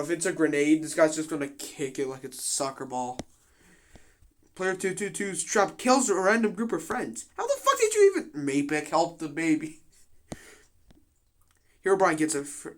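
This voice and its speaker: A man's voice: on the high side, moderate pace. A young man giving casual commentary on a game simulation, slangy and full of swearing and joking asides.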